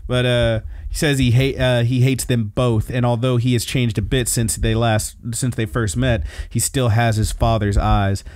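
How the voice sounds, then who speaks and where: A man's voice: medium pitch, level tone, normal speed, hardly any pauses, darkish tone, no echo, studio quality. A man hosting a podcast, recapping episodes in a laid-back, casual way and swearing freely. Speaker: podcast host.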